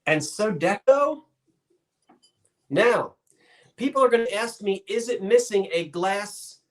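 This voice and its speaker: Hosting a live-streamed online auction, a man talks in a chatty, folksy manner, drifting off into rambling asides. His voice sits high, and the recording sounds roomy.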